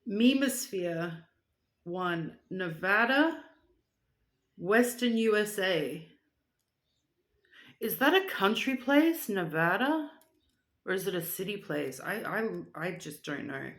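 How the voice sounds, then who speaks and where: Woman, young adult, unhurried delivery, playful rambling chat, reading out viewer shoutouts. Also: medium pitch, sing-song. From Australia. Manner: chatty and playful, with silly asides and rambling tangents. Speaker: vlogger.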